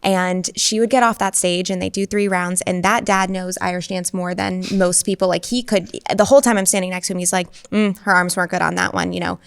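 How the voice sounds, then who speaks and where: A woman co-hosting a podcast, telling a story in a lively way and acting out the people she quotes. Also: fairly quick, vocal fry, hardly any pauses, smooth, no room sound. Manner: animated storyteller, acts out quotes with jumps in pitch. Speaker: podcast co-host. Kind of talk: casual storytelling chat.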